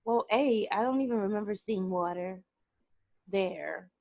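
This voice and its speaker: A woman co-hosting a podcast, chatting casually with relaxed, laughing banter. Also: medium pitch, measured pace, gravelly. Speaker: podcast co-host. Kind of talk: casual chat.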